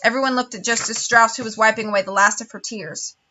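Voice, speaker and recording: Bright-voiced woman reading a novel aloud. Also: on the high side, steady tone, fast, a little hiss or hum. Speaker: reader.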